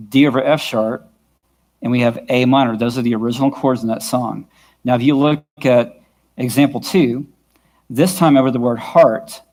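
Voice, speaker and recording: A man's voice: medium pitch, darkish tone. A man teaching a vocal workshop to a church worship team, patient and often checking that the group is following. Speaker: worship music instructor. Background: his own guitar.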